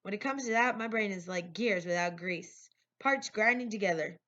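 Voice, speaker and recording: Female reader as a joking teenage brother, bright tone, dull audio. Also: medium pitch, moderate pace, natural voice. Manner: laid-back, joking. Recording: lo-fi recording.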